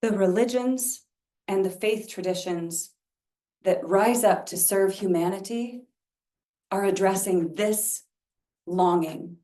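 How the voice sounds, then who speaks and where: A woman leading a spiritual service, guiding a chant-based practice in a slow, gentle way. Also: medium pitch. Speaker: service leader. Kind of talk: guided spiritual practice talk. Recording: roomy sound from a distance.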